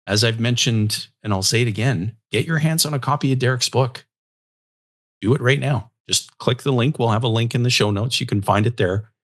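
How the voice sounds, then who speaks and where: A man co-hosting a podcast who eagerly praises the guest and urges listeners to get the book. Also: mid-range voice. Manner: enthusiastic, plugs the guest's book. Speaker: podcast co-host. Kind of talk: podcast interview talk.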